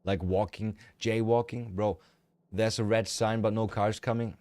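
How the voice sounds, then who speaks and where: A man's voice: on the low side, fairly even intonation, unhurried, a little mellow, no room sound. A man from Germany with a German accent, chatting casually with viewers on a livestream in a rambling, frank and profane way.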